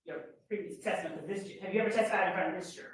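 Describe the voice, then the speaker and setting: Female attorney, measured questioning, mid pitch, roomy courtroom echo. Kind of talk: courtroom examination. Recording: echoey courtroom.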